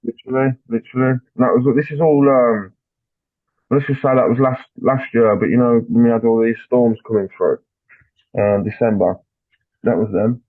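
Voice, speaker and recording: A man guest on a podcast, telling a story in casual chat, animated and swearing, acting out what people said. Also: medium pitch, moderate pace, no echo. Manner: animated, swears, acts out dialogue. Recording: dry tinny phone-like line.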